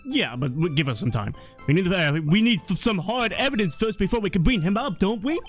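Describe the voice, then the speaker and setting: Joking young man, lively voice. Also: high-pitched, brisk, faint music behind. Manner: joking, crude, laughs a lot. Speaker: let's play co-host. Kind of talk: casual gaming banter.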